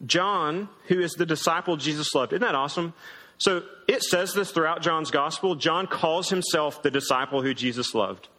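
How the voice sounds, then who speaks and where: Bright-voiced man preaching in a hall. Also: a little high, normal speed. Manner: casual, joking storytelling. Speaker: pastor. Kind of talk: sermon.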